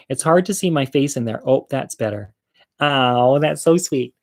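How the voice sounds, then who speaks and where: Casting note: male storyteller, mid-pitched, lively, acts out the voices of others, laughs easily. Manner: animated, acts out quoted voices, laughs often. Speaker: storyteller vlogger. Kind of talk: casual personal storytelling.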